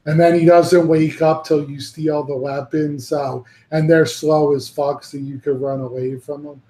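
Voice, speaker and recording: A man's voice: fairly high pitch, level tone, measured pace, warm tone, reverberant, low-quality recording. A man hosting a casual panel chat, rambling and swearing freely as he talks and laughs easily. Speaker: podcast host.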